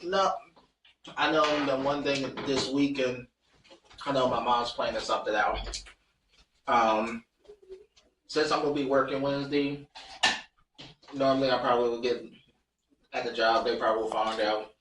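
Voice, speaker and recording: Young man, podcast co-host, rambling, easygoing, clear background noise. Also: mid-range voice, fairly even intonation, normal speed, long pauses. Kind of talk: casual podcast chat. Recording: roomy room, mic at a distance, clear background noise.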